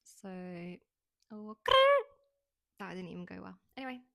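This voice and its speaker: A woman's voice: fairly low pitch, steady tone, normal speed, no room sound. A young woman hosting a podcast, talking casually and frankly about herself with lots of "like" fillers. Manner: chatty, frank, heavy use of "like". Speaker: podcast host. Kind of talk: casual monologue.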